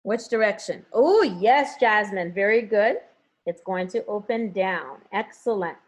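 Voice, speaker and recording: A woman's voice: medium pitch, unhurried. A woman teaching an online class from home, coaxing her students to answer with lots of encouragement. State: has a headache.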